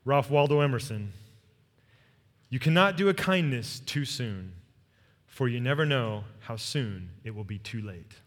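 A man preaching a sermon as pastor, telling a personal story with earnest warmth and leading the congregation in repeated phrases. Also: mid-range voice, expressive, measured pace. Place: church sanctuary. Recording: long reverb of a large hall.

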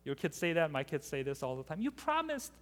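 A man preaching a sermon in an animated way, acting out the scripture he quotes. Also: mid-range voice, fast talker. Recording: long hall reverb.

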